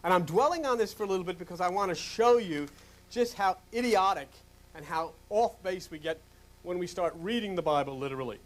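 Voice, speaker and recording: An older male pastor from New Jersey preaching a sermon, swinging from loud, emphatic questions to hushed whispers. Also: high voice, a little fast.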